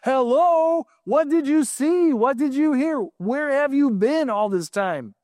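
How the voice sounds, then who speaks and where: Brief: a preacher playing an incredulous teacher, raised pitch, animated. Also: male voice, takes it slowly, no room sound, studio quality, exaggerated voice. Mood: exasperated. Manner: pleading, incredulous questions. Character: exasperated male teacher scolding his followers.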